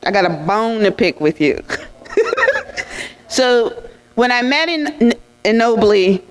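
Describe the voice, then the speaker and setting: A woman's voice: fairly high pitch, takes it slowly, slight background noise, poor audio. A woman telling lighthearted anecdotes to an audience at an awards dinner, laughing and slipping into quoted asides. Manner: warm-hearted storytelling with laughs and lively quoted asides.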